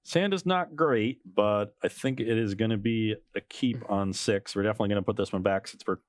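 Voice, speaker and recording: A man with a lowish voice reasons through each play out loud, measured and analytical with a dry wit. The sound is close and dry. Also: no room sound. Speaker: card game player and show regular. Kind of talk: casual play-along chat.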